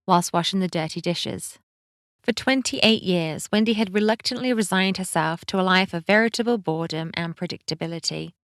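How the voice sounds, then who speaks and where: Calm woman audiobook narrator. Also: on the low side, dry recording, studio quality. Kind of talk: scripted narration.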